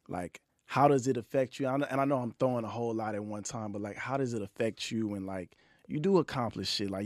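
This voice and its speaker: A man hosting a podcast in a relaxed, casual way, easing into heartfelt questions. His voice sits on the low side. The studio sound is dry and close. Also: no room sound. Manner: relaxed, warm questioning with slang and fillers. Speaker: podcast host. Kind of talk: casual interview chat. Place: recording studio.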